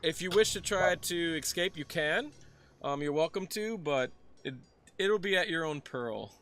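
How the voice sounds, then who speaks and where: A young man runs a tabletop game, narrating the scene in a bright, slightly high voice. He stumbles and restarts his sentences often. Faint music plays behind him. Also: expressive. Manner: halting, many fillers and restarts. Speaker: game master.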